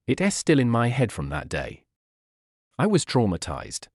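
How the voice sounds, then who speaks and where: A man's voice: medium pitch, huge pitch swings, moderate pace, a little mellow, no echo, studio quality. A man reading the lines of a naive, cheerful young male martial artist in a pleading, flustered way.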